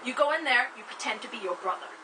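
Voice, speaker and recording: A woman voicing a bossy, scheming mother who speaks in a brisk, insistent way. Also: a little high, expressive, pushed and bright, recorded from a distance, a little hiss or hum, rough recording. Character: bossy, scheming mother, sure she knows best.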